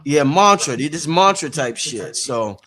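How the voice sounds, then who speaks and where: A man hosting an album listening party in casual chat, introducing tracks in a relaxed, halting way with many fillers. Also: a little high.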